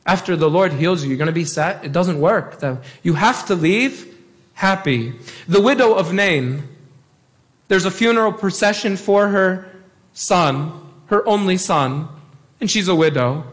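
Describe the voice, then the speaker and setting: A man's voice: sits high, a little slow. A man, a priest giving a sermon and pressing his points by repeating them. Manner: emphatic, repeats key phrases.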